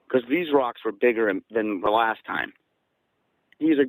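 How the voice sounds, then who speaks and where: Man excitedly retelling a scary night. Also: normal speed, long pauses, no echo, low-quality recording. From southeastern Massachusetts. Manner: excited, gets louder and higher when quoting. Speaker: guest recounting an encounter. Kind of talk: casual storytelling.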